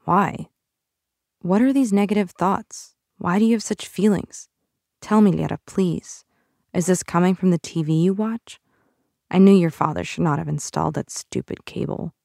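A woman's voice: lowish voice, normal speed, gravelly, a little mellow, no room sound, clean studio sound. A woman voicing a worried, scolding immigrant mother with a Russian accent, firm and pleading. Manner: pleading then shaming, firm.

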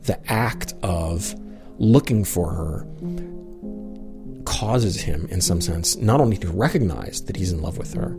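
A man's voice: sits low, unhurried, over music. A middle-aged man, a professor, animatedly telling a personal story, full of casual fillers. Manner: lively, many "like" and "you know" fillers. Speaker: professor, interviewee.

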